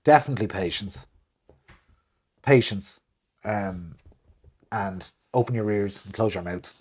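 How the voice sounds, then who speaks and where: A man co-hosting a casual chat, talking animatedly and jumping into big high voices when he quotes people. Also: unhurried, a little mellow, breathy edge. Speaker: co-host.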